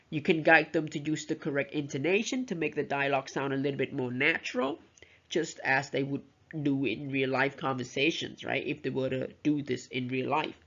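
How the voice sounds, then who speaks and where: A woman lecturing on how to teach pronunciation, explaining each point step by step. Her pitch moves a lot and her voice has a gravelly edge. The recording is dull and lo-fi. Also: a bit bright. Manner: explanatory, tags points with "right?" and "you know". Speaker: teacher trainer.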